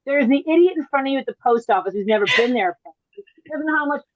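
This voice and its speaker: A woman's voice: high voice, lively intonation, very fast, highs cut off, background noise. Rambling woman comedian on a video call. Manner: rambling, self-interrupting, laughs at own jokes. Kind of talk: stand-up set on a virtual show.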